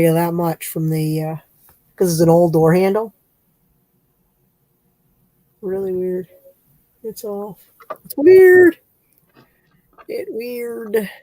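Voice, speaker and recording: A woman's voice: fairly low pitch, warm tone, no room sound. Chatty woman, dry close sound. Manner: rambling, chatty, playfully teasing. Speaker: livestream craft host. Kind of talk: casual chat while crafting.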